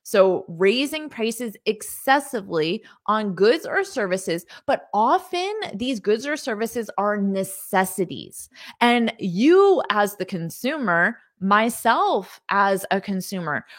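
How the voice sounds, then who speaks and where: A woman teaching an English lesson on a live stream, greeting viewers by country and repeating words slowly to model pronunciation. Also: mid-range voice, sing-song. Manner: enthusiastic, greets viewers, laughs often.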